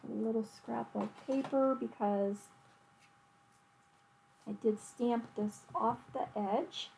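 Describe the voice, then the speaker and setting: A woman's voice: fairly high pitch, steady tone, slow, creaky, a little mellow, a little hiss or hum, poor audio. Chatty woman narrating a craft demo. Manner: chatty, talks to herself and her dog while working. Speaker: card-making demonstrator. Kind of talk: casual crafting tutorial.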